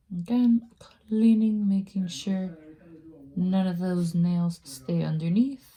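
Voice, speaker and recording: Woman, low mellow voice, casual chatty how-to vlogger who pokes fun at herself. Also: takes it slowly. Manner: chatty and self-mocking, laughs at herself. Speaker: beauty vlogger. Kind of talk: casual nail-care tutorial.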